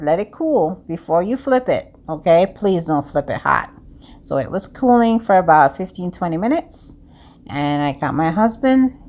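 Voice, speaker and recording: Very animated, with a darkish voice on the low side and a moderate pace, a cooking vlogger demonstrates a home baking recipe. She speaks English with a non-native accent and keeps things upbeat, chatting directly to her viewers as "guys."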